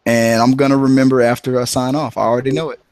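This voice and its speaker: A man's voice: mid-range voice, quick pace, no room sound. Rambling man in casual movie chat. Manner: rambling, retells scenes with animated quoted voices. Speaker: podcast co-host.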